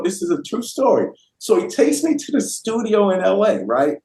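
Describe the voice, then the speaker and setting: 50s guy w a high voice, rapper guest telling a story, does everyone's voices, roomy echo. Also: lively intonation, a little fast. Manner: acts out quoted voices with lots of slang. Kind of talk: animated storytelling anecdote. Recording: roomy echoey sound.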